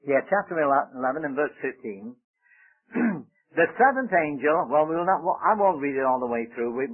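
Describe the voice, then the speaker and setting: A man preaching a sermon, pleading and emphatic, rising loud when he quotes scripture. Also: on the high side, breathy edge. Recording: tinny phone-like old radio broadcast.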